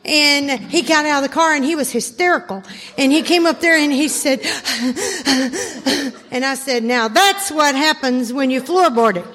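Woman workshop speaker, high voice, animated laughing storyteller, reverberant hall. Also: a little slow. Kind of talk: storytelling talk to a live audience. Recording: hall reverb, faint noise.

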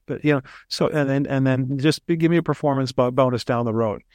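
A man being interviewed as a ghostwriter, telling animated stories with frequent restarts. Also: medium pitch, fairly quick, no room sound, studio quality. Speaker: ghostwriter guest. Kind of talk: casual interview storytelling.

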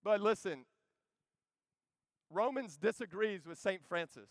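A man preaching a sermon, swinging from loud urging to hushed storytelling. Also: sits high, a little slow, long pauses, no echo.

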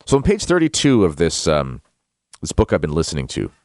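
A man's voice: sits low, huge pitch swings, a little fast, darkish tone, no echo, studio quality. A male talk show host giving a rambling monologue, then reading a book aloud, with frequent fillers and self-corrections.

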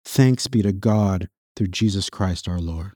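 A man preaching a sermon as pastor, reading scripture aloud in an earnest voice that swells on emphatic lines and drops low and quiet on solemn ones. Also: a little slow, no room sound, studio quality. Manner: reads scripture passages aloud within the sermon.

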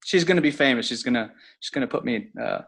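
A middle-aged host conducts a relaxed interview. They ask questions in a playful, friendly way and laugh along with the guest. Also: medium pitch, fast, breathy edge. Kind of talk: casual interview chat.

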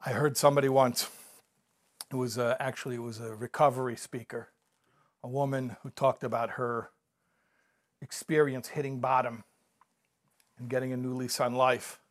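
A man giving a measured, reflective talk about recovery, mixing in stories and jokes. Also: mid-range voice, level tone. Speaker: recovery speaker.

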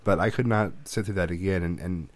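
A man's voice: deep voice, fairly quick, dry recording. A man hosting a podcast, chatting and joking casually, often restarting his sentences. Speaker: podcast host. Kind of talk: casual chat.

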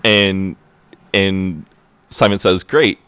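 Deep-voiced man recapping a show. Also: moderate pace. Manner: animated retelling, acting out lines in high mock voices. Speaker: podcast co-host. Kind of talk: casual chat recapping a TV episode.

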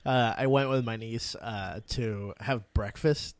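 A man's voice: on the low side, slow, dry recording. A man co-hosting a casual podcast, rambling and laughing as he tells stories and acts out little voices. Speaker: podcast co-host.

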